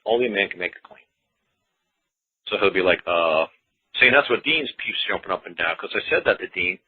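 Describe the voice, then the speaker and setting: A man talks law in a loose, folksy way, circling back to repeat his points and acting out little exchanges. His voice is a bit husky. The sound is thin and tinny, like a phone line. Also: lowish voice. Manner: folksy, repetitive, acts out quoted exchanges. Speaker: common law lecturer. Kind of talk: casual teaching talk.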